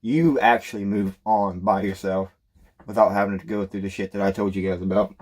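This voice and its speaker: A man's voice: lowish voice, steady tone, brisk, a little mellow. A man talking casually to his viewers in a vlog, rambling with many fillers and restarts. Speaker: YouTuber. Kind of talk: casual vlog talk to camera.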